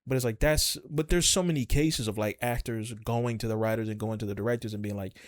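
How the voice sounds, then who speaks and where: A man's voice: medium pitch, fast, no room sound. A man co-hosting a podcast, talking in a rambling, casual way with lots of fillers and swearing. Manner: rambling, profane, filler-heavy. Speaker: podcast co-host. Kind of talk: casual chat.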